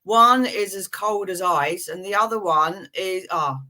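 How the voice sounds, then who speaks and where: A woman giving a live tarot reading, speaking haltingly as she searches for words, often trailing off and starting over. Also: mid-range voice, pushed and bright. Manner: halting, searching, trails off and restarts mid-thought. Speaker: tarot reader.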